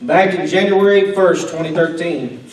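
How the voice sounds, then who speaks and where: Emotional police chief, halting and far off. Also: male voice, sits high. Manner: halting, emotional, clears throat. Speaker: police chief presenting an award. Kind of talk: reading a prepared award speech. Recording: echoey hall from far off with faint room noise.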